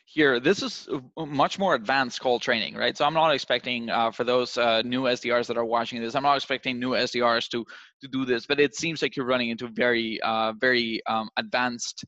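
A young man teaching cold calling in an animated coaching voice. He jumps into little acted phone calls to show each point. The sound is dry and close, a bit dull and lo-fi. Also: mid-range voice, fairly quick, no room sound. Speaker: sales trainer.

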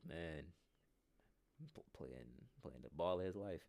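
A man's voice: rumbling low, slow pace, gravelly, warm tone, no room sound. A man co-hosting a podcast, chatting casually about basketball in a loose, rambling way and laughing often. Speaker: podcast co-host. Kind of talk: casual sports chat.

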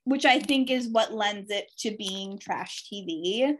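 A woman's voice: mid-range voice, unhurried. A young woman hosting a casual podcast, sharing her opinions in a chatty, filler-heavy way. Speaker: podcast host. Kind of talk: casual chat.

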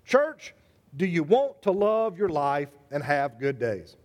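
A male pastor preaching a sermon in a lively, conversational way, calling out members of the congregation by name. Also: on the high side, takes it slowly.

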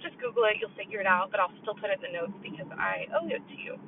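A woman's voice: mid-range voice, fast talker, a little hiss or hum. A woman hosting a podcast, giving casual advice in a chatty, self-deprecating way, swearing freely. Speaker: podcast host. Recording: tinny phone-like sound from far off the mic.

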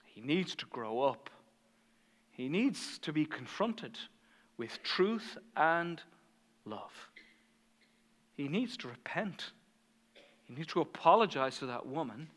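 A man preaching a sermon as pastor, telling stories animatedly and swinging from hushed asides to fired-up passion. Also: fairly high pitch, sing-song, slow pace, pauses often, big-room sound.

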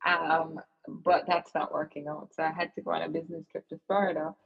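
A woman's voice: sits low, level tone, a little fast, creaky, breathy edge. A woman guest in an interview, telling a personal story in an earnest, reflective way with many fillers and restarts. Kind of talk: personal storytelling in casual chat. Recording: dull lo-fi recording.

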